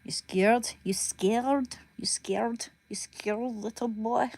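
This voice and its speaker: A woman putting on a burly russian guy taunting, mock russian accent, breathy half-whisper, a little higher than her own voice. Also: fairly even intonation, takes it slowly, darkish tone. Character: big manly Russian man taunting.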